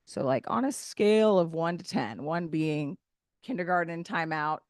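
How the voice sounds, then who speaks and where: Brash woman in her thirties, stand-up set, average pitch, dry close sound. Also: normal speed, dry recording. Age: 30s. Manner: loud, brash, opinionated delivery. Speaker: stand-up comedian. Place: event stage.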